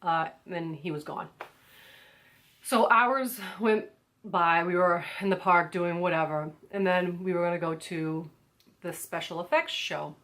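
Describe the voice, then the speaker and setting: A young American woman, a vlogger, casually tells her viewers a story in a low-ish, fairly bright voice at a slightly slow pace. She's chatty, says "like" constantly, and acts out the quotes.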